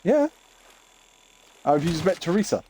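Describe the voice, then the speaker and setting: A man streaming a game, chatting casually and telling rambling, excitable stories. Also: on the high side, normal speed, a little hiss or hum. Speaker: streamer playing a survival shooter. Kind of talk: casual gameplay chat. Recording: game sounds loud behind the voice.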